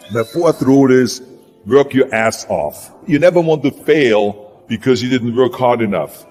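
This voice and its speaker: A man's voice: mid-range voice, normal speed, darkish tone. A man with a German accent giving a motivational speech, emphatic and repeating words for punch. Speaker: motivational speaker. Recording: long hall reverb with music behind.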